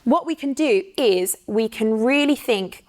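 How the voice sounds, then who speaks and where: A woman with a fairly high, expressive, slightly mellow voice teaches an online singing workshop at a measured pace. She's encouraging, counts in, sings demonstration phrases, and checks in often by asking "okay?"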